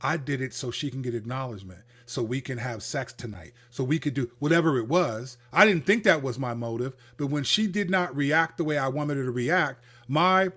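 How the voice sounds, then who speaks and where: A man hosting a livestreamed Christian teaching talk, speaking in an animated, conversational way and acting out the people he quotes. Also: medium pitch, normal speed, few pauses. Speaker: host, Christian counselor.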